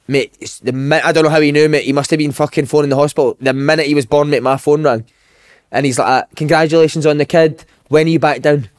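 A man's voice: fairly high pitch, fairly even intonation, fast. A Scottish man in his thirties, a former footballer hosting a podcast, telling anecdotes in casual chat and swearing a lot. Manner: swearing, storytelling, says "mate" often.

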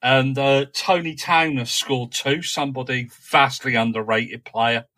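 A man conducting a conversational interview in a measured way, recounting details from match reports. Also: mid-range voice, steady tone, sharp tone.

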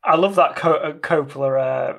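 Male podcast co-host, bright and jokey film talk. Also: on the high side, moderate pace, vocal fry. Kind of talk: casual film chat.

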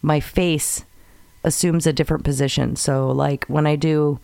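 A man's voice: fairly high pitch, fairly even intonation, a little slow, creaky, a little mellow, clean tone, dry recording. A man co-hosting a podcast, chatting casually and laughing often. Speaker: podcast co-host. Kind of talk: casual chat.

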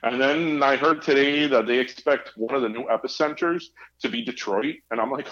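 A man's voice: mid-range voice, moderate pace, hardly any pauses, fairly bright tone, muffled recording. A man co-hosting a podcast from home in casual chat, rambling with fillers. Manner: rambling, many fillers and restarts. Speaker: podcast co-host.

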